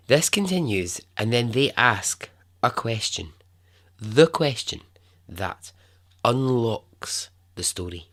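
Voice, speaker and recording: A man hosting a podcast, telling a true story with dramatic pauses, hushed suspense and chatty asides to the listener. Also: mid-range voice, expressive. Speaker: podcast host. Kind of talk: storytelling narration.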